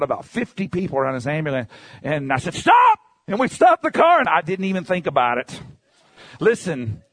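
High-voiced preacher, animated and shouting at times. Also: male voice, no room sound. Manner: animated storyteller, bursts into shouts. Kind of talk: sermon with personal testimony.

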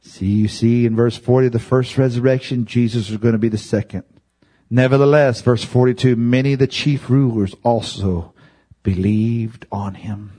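A man preaching a sermon, impassioned, climbing loud and then dropping to hushed, whispered lines. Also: lowish voice, unhurried, breathy edge.

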